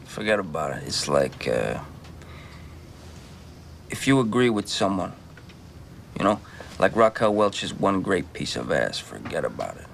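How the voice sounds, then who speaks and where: An actor playing an undercover agent in a film scene who patiently explains mob slang. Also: male voice, low voice, big pitch swings, unhurried, creaky, pauses often, fairly bright tone, a little hiss or hum, full character voice. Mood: explaining. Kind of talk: film dialogue.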